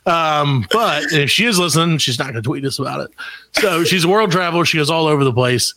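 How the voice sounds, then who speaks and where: A man's voice: on the high side, a little fast, no room sound, low-quality recording. A man in his forties, a podcast co-host, telling a story in casual chat and acting out the voices. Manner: animated storyteller, acts out voices.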